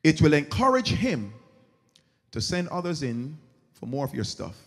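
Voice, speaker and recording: In a church sanctuary full of long reverb, a man preaching as pastor brings his stories to life by playing the characters. He speaks at a moderate pace in a husky, fairly high-pitched voice.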